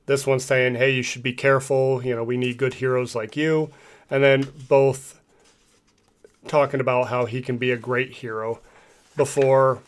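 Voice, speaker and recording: A man recapping a comic in a casual, rambling way with many fillers. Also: medium pitch. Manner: relaxed, rambling, filler-heavy. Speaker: comic reviewer.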